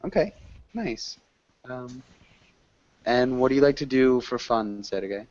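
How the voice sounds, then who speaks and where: A man's voice: mid-range voice, unhurried, dry recording. Dull-sounding male online teacher, rambling. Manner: relaxed, rambling, many fillers. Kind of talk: casual online class chat.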